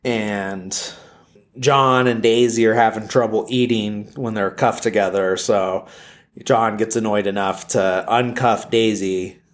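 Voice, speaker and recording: Low-voiced man rambling through a plot recap. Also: steady tone, slow. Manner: rambling, full of "like" and "uh" fillers. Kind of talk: casual plot retelling.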